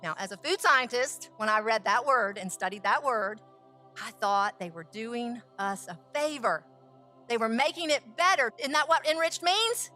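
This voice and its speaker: A woman who is a food scientist, teaching with lively stories and rhetorical questions. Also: a little high, moderate pace, faint music behind. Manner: animated, acts out quotes, asks rhetorical questions. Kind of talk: teaching talk with storytelling.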